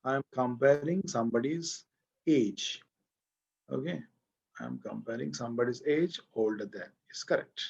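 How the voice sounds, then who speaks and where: A man's voice: medium pitch, unhurried, vocal fry, husky. An Indian English-accented man teaches grammar to a class, repeating his examples and asking students for their answers. His voice sits in an ordinary middle register. The sound is slightly muffled and lo-fi, like a classroom recording. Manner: explains with repetition and questions to the class. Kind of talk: classroom lecture.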